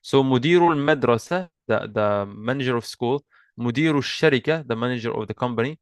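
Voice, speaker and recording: Guy teaching an online class, mid pitch, dry close sound, keeps repeating himself patiently. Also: racing, clear, resonant tone, no echo. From Egypt. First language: Arabic. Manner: patient, repeats and restarts, switches between English and Arabic. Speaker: Arabic teacher. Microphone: video call mic.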